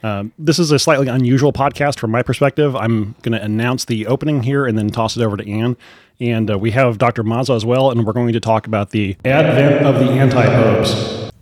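A man's voice: mid-range voice, fairly even intonation, dry recording, clean studio sound. Midwestern man opening a podcast. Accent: Midwestern American. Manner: measured, stammers on repeated words. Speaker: podcast host.

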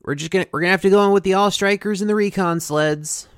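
A podcaster briefly voicing a commanding male general who gives brisk, loud orders. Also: medium pitch, clean tone, no room sound, clean studio sound, voice pushed up, lightly acted.

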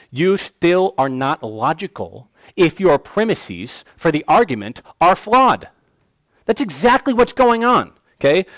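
A man preaching an expository sermon, swinging between loud declarations and quiet asides. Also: medium pitch, dry recording. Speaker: pastor.

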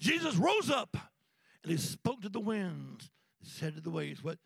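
A man preaching a sermon as an evangelist, with rhythmic call-and-response that swings from shouts to hushed whispers in a church. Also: high-pitched, sing-song, moderate pace, creaky, slightly rough, no echo. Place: church sanctuary.

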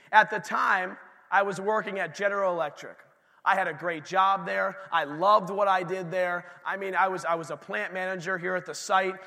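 A middle-aged man preaching in a church sanctuary, his voice high and gravelly. He sounds bright and forceful, and long hall reverb trails his words. He talks in an animated way, acting out dialogue and then dropping into quiet asides. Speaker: pastor. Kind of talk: sermon.

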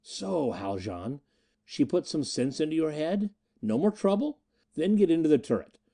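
A male narrator puts on a sardonic, commanding pirate captain from a spoken space adventure. His voice carries a rasping edge over a dark, mellow tone. He barks curt orders with a lively, swinging pitch. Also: normal speed, heavily acted.

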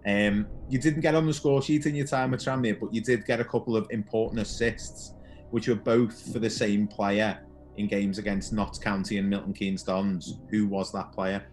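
A man's voice: on the low side, fairly even intonation, normal speed, a little mellow, soft background music. A man hosting a podcast, asking quiz questions in a casual, chatty way and laughing often. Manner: chatty, laughs often, calls guest "mate". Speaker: podcast host.

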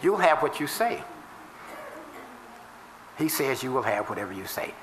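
A man's voice: medium pitch, big pitch swings, background noise. Male minister preaching in a roomy church. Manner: teaching, explains step by step with formulas and scripture; emphatic rises and drawn-out slow phrases. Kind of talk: sermon. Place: church before a congregation.

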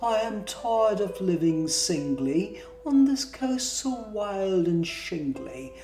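A woman's voice: mid-range voice, animated, slow, warm tone, pitched above the performer's own voice. A woman reading a lonely, lovelorn little male creature with a huge head, in a pleading sing-song verse voice. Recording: roomy distant mic with guitar music.

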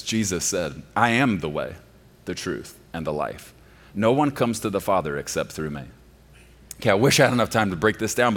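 A male pastor delivering a sermon, swinging from quiet, low passages to loud, emphatic ones. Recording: long reverb of a large hall.

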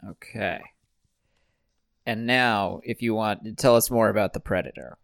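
A man's voice: lowish voice, measured pace, creaky, fairly bright tone, no room sound, clean studio sound. A man hosting a casual podcast chat. He asks probing questions and cuts in playfully. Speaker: podcast host.

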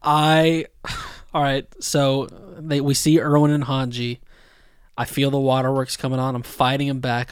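Animated man recapping an anime. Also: mid-range voice, unhurried, clear, resonant tone, dry recording, clean studio sound. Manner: animated storytelling, quotes himself. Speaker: podcast co-host. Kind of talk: casual anime recap chat.

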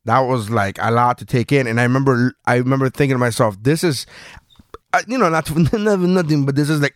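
A man co-hosting a casual podcast, his speech peppered with swearing as he tells a story with animation. His voice sits at a middle pitch and sounds close and dry. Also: a little fast, no echo. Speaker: podcast co-host.

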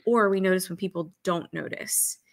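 A woman's voice: lowish voice, moderate pace, no room sound. A woman talking earnestly in a casual podcast conversation, acting out quoted dialogue as she talks about suicide prevention training.

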